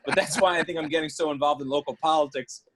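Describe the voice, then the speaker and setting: A man co-hosting a casual comedy podcast, rambling and halting as he cracks deadpan jokes. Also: a little high. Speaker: podcast co-host.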